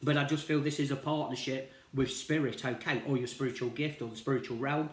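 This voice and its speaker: A man's voice: medium pitch, steady tone, fairly quick. A man giving a casual tarot reading to viewers, talking in a rambling, reassuring way and often saying "you know". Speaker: tarot reader. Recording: roomy echo.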